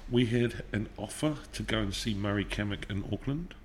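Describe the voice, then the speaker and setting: A man's voice: fairly low pitch, moderate pace, slight background noise. A middle-aged man with a New Zealand accent, a guest telling stories in a casual interview, swearing freely and laughing often. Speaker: podcast guest, musician.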